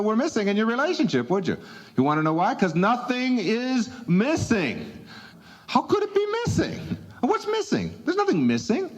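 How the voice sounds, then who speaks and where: A middle-aged man giving a motivational talk, telling stories and acting out little dialogues. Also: very high-pitched. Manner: animated storyteller, acts out little dialogues. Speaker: motivational speaker. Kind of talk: motivational talk to a live audience.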